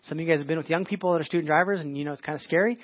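A man's voice: a little high, rapid-fire, dry recording, muffled recording. A man delivering a sermon as pastor, in a conversational preaching manner, with frequent restarts and casual asides.

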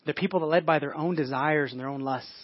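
Fast-talking man preaching a casual sermon. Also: on the high side, dry recording, muffled recording. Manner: conversational preaching with frequent restarts and "like" asides. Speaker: pastor.

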